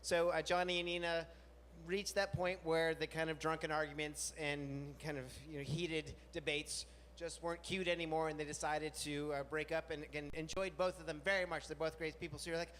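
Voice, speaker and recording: A man hosts a live storytelling evening in a large music venue. His voice sits a bit high and he talks in a chatty, self-deprecating way. A long hall reverb and faint room noise trail every line. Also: little pitch movement, moderate pace, a bit bright. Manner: chatty, self-mocking, jumps into high silly voices for quoted bits. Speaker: host.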